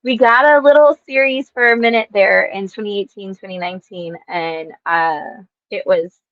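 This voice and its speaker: A woman's voice: medium pitch, moderate pace. A woman guest in a casual comic book chat, talking in a chatty way. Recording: dull, dry audio.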